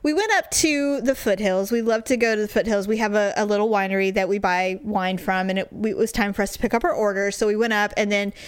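A woman co-hosting a podcast, telling a story in casual chat, animated and swearing, putting on mocking voices. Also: medium pitch, quick pace, few pauses, clean tone, no room sound. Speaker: podcast co-host.

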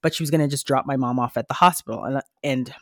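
A woman's voice: very deep voice, quick pace, dry recording, clean studio sound. A woman who works as a nurse, talking earnestly in a podcast conversation, with many fillers and restarts. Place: Canada.

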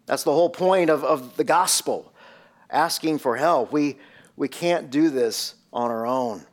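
Casting: male pastor, slow deliberate sermon delivery, slightly high voice, emphatic rhetorical questions.

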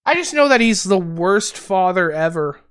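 Canadian podcast host dude on shrooms, rambly and giggly, smooth clear voice. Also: male voice, sits high, big pitch swings, moderate pace, a bit bright. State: high on mushrooms. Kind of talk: casual chat.

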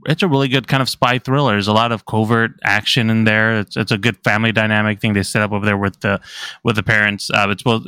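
Bright-voiced man, rambling podcast co-host, chatty delivery, dry close sound. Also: lowish voice, clear, resonant tone, dry recording. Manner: rambling, many restarts. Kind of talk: casual chat.

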